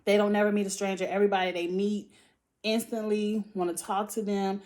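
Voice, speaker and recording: A woman's voice: medium pitch, a little fast. A woman vlogger, chatting casually and giving her opinions on a reality show cast. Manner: chatty and opinionated, with lively asides. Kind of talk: casual chat.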